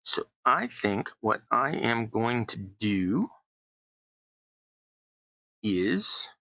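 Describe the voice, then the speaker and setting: Here a middle-aged crafting YouTuber talks through his terrain work, chatty and self-mocking, wandering off on tangents. His fairly low, sharp voice is very animated yet extremely slow, captured on a low-quality recording without echo.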